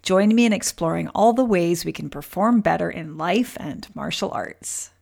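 A woman's voice: fairly low pitch, lively intonation, moderate pace, gravelly, a little mellow. A woman in her forties, a podcast host, telling a candid personal story and acting out remembered dialogue.

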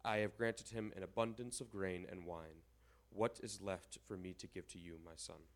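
A man's voice: sits low, steady tone, normal speed. A man reading as an aged, dismayed father. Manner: plain read-aloud delivery. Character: old blind father, trembling and dismayed.

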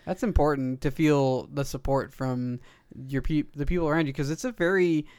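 A man's voice: on the high side, normal speed, darkish tone, clean tone, no room sound, clean studio sound. A man co-hosting a casual podcast chat about role-playing, reflective and hesitant with many fillers.

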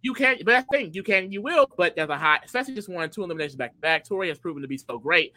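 Casual chat, reality show recap co-host, excitable, lively pitch, bright tense tone. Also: quick pace, poor audio. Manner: excitable, animated, fills talk with "like".

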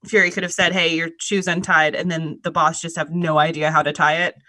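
Bright-voiced woman, playful and chatty. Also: deep voice, little pitch movement, quick pace, dry recording. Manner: playful, teasing, lots of "like". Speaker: podcast co-host. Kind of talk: casual movie discussion.

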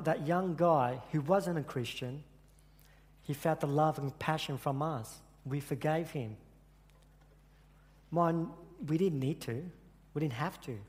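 An earnest man preaches to a congregation and stumbles over his words now and then with repeated restarts. His voice sits a little high for a man. The sound carries a long reverb from a big hall. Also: a little mellow. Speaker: church speaker. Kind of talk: sermon with personal story.

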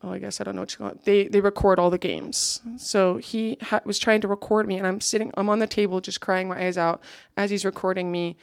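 A woman's voice: medium pitch, level tone, fairly quick, gravelly, no echo, studio quality. A young woman giving an earnest, reflective personal testimony to a gathering, now and then checking her notes.

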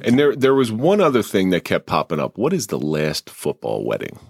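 A man's voice: deep voice, wildly swooping pitch, a little fast, vocal fry, a little mellow, slightly rough, no echo, studio quality. A man hosting a podcast interview, asking probing follow-up questions. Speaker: podcast host.

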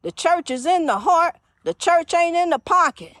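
A woman with a high voice runs her own faith-talk podcast in a loose, chatty style, preaching to her listeners and calling them honey. The recording is dry and close, with almost no room sound. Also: expressive, normal speed, a bit bright, no room sound. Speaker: podcast host.

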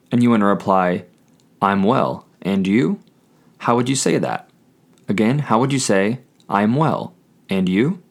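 A man hosting a scripted Spanish lesson, speaking clearly and patiently, repeating each phrase slowly for learners. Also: on the low side. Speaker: Spanish language teacher.

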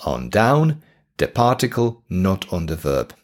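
A man with a Polish accent teaching an English lesson on a podcast, slow and deliberate, repeating each example sentence. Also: low voice, sing-song.

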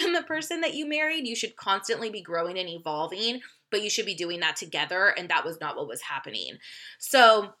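A woman's voice: mid-range voice, pushed and bright. A woman hosting a podcast, telling a personal story in a candid, chatty way, swearing freely, laughing often and speaking straight to her listeners. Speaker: podcast host. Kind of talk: casual confessional storytelling.

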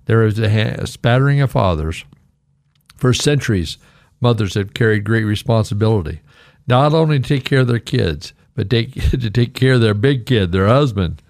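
A middle-aged male pastor giving an earnest radio devotional, telling stories and slowly reciting scripture. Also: fairly low pitch, lively intonation, dry recording, studio quality. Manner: earnest, warm storytelling with slow scripture recitation.

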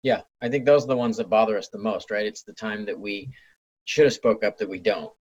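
A man interviewing a guest in a relaxed conversation, giving short encouraging replies. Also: fairly low pitch, brisk, muffled recording. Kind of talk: casual interview.

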